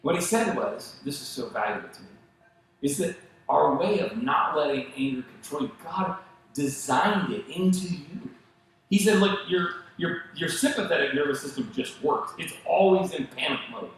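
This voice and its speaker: A male pastor preaching a sermon, telling stories in an animated way and acting out the voices of the people he quotes. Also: a little high, normal speed, very echoey, a little hiss or hum, rough recording. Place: church sanctuary.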